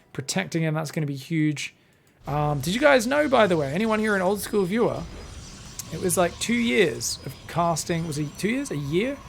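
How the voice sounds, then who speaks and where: A young man doing solo live commentary on a strategy game, animated and profane, drifting into rambling asides between plays. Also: on the high side, creaky. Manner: animated, swears freely, drifts into rambling stories. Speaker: esports caster.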